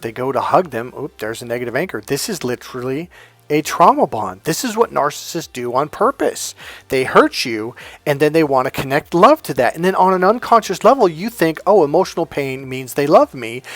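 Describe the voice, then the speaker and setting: Guy coach telling a story, voice a bit high, acts out both sides, dry close sound, faint music behind. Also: no room sound. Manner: animated, acts out quoted dialogue. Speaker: life coach. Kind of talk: casual storytelling talk.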